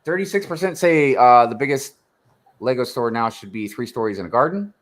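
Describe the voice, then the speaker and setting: Easygoing male host with a lively voice. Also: mid-range voice, a little fast, crowd noise. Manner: easygoing, hesitant with ums. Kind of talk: casual livestream chat.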